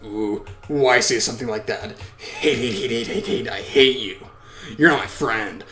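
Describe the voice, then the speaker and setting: A man's voice: mid-range voice, unhurried, bright, forceful tone, echoey room. A man reading as a stubborn, childish little girl witch in a visual novel. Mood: sulky. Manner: childish, insistent.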